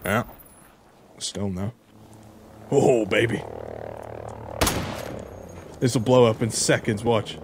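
A man giving excitable gameplay commentary, joking and exclaiming as he plays. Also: on the low side, very slow, long pauses, background noise. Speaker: gaming YouTuber.

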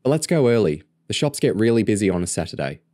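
A man reading aloud, voicing an eager, excitable young girl in a high, bright voice. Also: fast.

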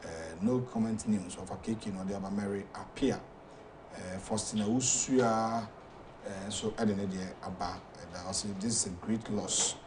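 A man with a Ghanaian accent hosting a talk show, reading viewer messages aloud in a halting way with many fillers. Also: lowish voice, steady tone, distant mic, noisy background.

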